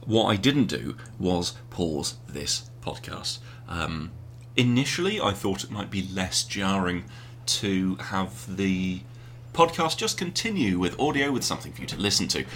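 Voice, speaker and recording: A man's voice: sits low, sing-song, unhurried, fairly bright tone, slight background noise. A man co-hosting a casual home podcast, rambling and easily sidetracked, mocking himself as he goes. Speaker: podcast co-host. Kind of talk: casual chat. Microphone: home podcast mic with earpiece.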